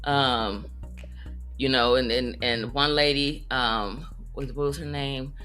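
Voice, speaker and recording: A woman comedian telling funny stories in a casual monologue, animated and breaking into high squeaky voices when she quotes people. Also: takes it slowly, soft background music. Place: Las Vegas.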